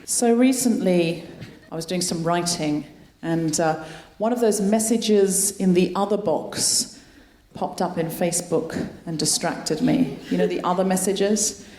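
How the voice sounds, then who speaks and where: A woman's voice: on the low side, measured pace. A woman hosting a live comedy show on a theatre stage, talking wryly and laughing through her jokes. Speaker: comedy podcast host. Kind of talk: live stand-up comedy chat. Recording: echoey theatre, loud audience, noisy.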